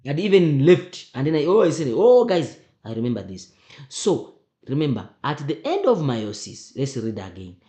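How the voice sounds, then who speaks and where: Very animated at a moderate pace, this teacher has a mid-range voice with a dark tone. Going through exam questions in a revision lesson, he's emphatic and frequently repeats questions back to the class, in a room with noticeable echo.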